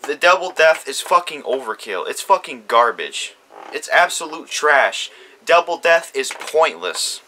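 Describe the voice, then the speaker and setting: A man's voice: fairly high pitch, sing-song, a little slow, sharp tone, slight background noise. A man ranting about a TV show premiere, heated, profane and repeating himself. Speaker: YouTube commentator. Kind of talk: ranting TV reaction.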